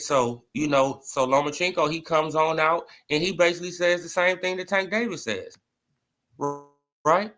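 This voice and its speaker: Emphatic high-voiced man ranting about boxing. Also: normal speed, pushed and bright, soft background music. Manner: emphatic, repetitive, slangy. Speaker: boxing commentary vlogger. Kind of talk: casual boxing commentary.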